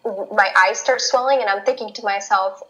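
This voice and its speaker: A woman physical therapist, a podcast guest, telling a personal story in casual chat, lively and laughing as she acts out her own thoughts. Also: mid-range voice, moderate pace, lo-fi sound.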